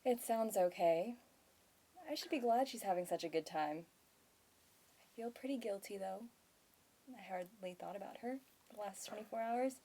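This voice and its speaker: A woman's voice: medium pitch, normal speed, long pauses, dark tone, close to an everyday voice. An actress playing an earnest, guilt-ridden married mother who speaks hesitantly, in a stage scene. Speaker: actor in a scene.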